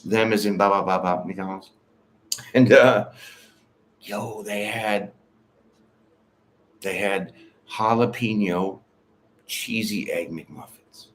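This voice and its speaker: A man's voice: fairly low pitch, slow pace, long pauses, a little hiss or hum. A man giving a casual livestream tarot reading, talking in a direct, bold and slangy way and laughing often. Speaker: tarot reader.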